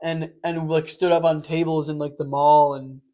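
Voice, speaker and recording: Young man, podcast co-host, casual chat, rambling, animated quotes, slightly high voice. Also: normal speed, lo-fi sound.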